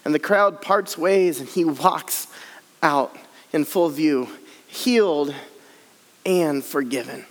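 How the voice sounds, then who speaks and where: A man giving a storytelling sermon at a camp, acting out the scenes and dropping soft and low when quoting scripture. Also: takes it slowly, pauses often. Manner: dramatic, acts out scenes, drops low and soft for scripture quotes. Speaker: camp speaker. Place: large hall at a camp. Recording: long hall reverb.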